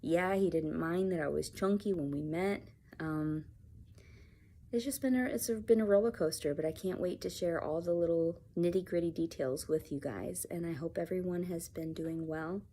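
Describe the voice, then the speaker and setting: A woman talking to camera in a personal vlog, soft-spoken and reflective, sometimes sinking to a whisper. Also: on the low side, normal speed. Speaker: vlogger.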